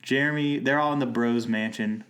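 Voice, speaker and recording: A young man co-hosting a podcast jokes around while reading through the plot points of a TV episode in a casual recap. His mid-range voice is steady and fairly bright, moving at a normal speed.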